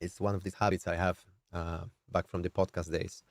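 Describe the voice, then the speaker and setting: Speaking fairly quickly in a low, level tone, a man walks through music production on a live stream. His voice is nasal and throat-squeezed, a bit strained, and he thinks out loud with many fillers.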